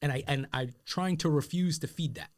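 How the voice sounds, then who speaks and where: A man's voice: fairly high pitch, a little fast. A man on a podcast telling an everyday story in a casual, informal way during conversation. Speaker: podcast co-host.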